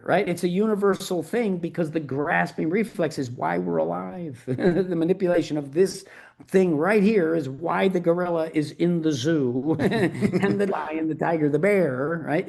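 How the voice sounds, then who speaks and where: A man's voice: fairly high pitch, creaky, darkish tone. A middle-aged man as an interview guest, talking in a fired-up, emphatic and profane way. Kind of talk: podcast interview.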